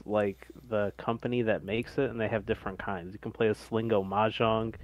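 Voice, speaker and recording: A man's voice: fairly low pitch, flat delivery, normal speed, dry recording, dull audio. A man co-hosting a podcast in casual chat, throwing in dry, sardonic asides. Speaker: podcast co-host.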